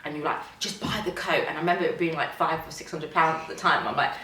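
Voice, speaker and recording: A woman's voice: sits low, steady tone, very fast, fairly bright tone, a little hiss or hum. A woman, a company founder as guest, talking enthusiastically in a casual chat and agreeing often. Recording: roomy sound from some distance.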